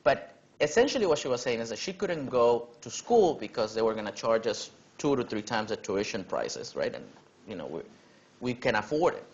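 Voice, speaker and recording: A man's voice: medium pitch, normal speed. Casual-talking young man, muffled audio. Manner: casual, animated when quoting others, frequent "you know". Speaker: keynote speaker. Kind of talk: personal storytelling talk.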